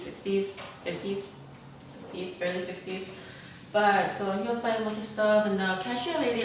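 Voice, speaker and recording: A woman's voice: mid-range voice, recorded from a distance. A young woman vlogger telling a casual story while eating, rambling with lots of "like" and "you know" fillers. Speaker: mukbang vlogger. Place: large, sparsely furnished new apartment room. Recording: very echoey room, voice off-mic, faint hiss.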